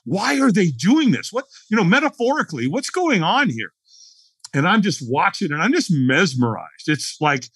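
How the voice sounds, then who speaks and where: A man's voice: fairly high pitch, a bit bright, husky, no echo. A man telling a dramatic story as a podcast guest, acting out the scene in voices. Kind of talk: animated storytelling.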